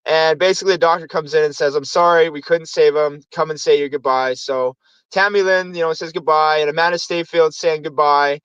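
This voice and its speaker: A man's voice: a little high, fairly even intonation, brisk, a bit bright, clean tone, no echo, lo-fi sound. A man hosting a casual movie review show, rambling through plots and acting out lines from the films. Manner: rambling, acts out movie quotes. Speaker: host.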